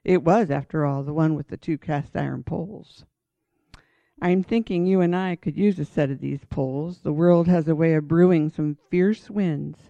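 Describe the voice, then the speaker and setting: Woman Bible teacher, sermon delivery, earnest and emphatic, warm low-key tone, dull dry lo-fi sound. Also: normal speed, gravelly, no echo. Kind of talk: sermon-style Bible teaching with read-aloud passages.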